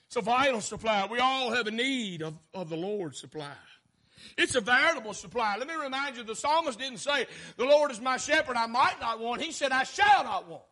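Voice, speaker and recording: A man preaching a fervent sermon, swinging from shouted lines down to low, quiet ones. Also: animated, brisk.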